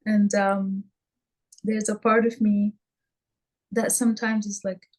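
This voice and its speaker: A woman's voice: medium pitch, level tone, slow, a little mellow, rough recording. A woman sharing her experience in a group workshop, hesitant and full of ums and restarts. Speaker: workshop participant.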